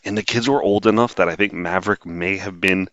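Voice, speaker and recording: A man's voice: deep voice, brisk, fairly bright tone, dry recording, muffled recording. A man hosting a solo podcast, talking in a blunt, sarcastic, rambling way with lots of fillers. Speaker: podcast host.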